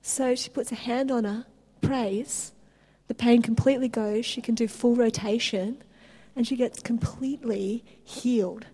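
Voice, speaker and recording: A woman preaching a sermon, telling stories in an animated way with restarts. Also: a little high, moderate pace, breathy edge. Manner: animated storytelling with laughs and restarts.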